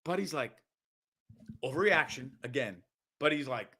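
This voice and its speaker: This is a male show host ranting over a video clip in a bright, sharp voice. His pitch swings widely, and he talks in a profane, sarcastic and animated way. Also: measured pace, pauses often.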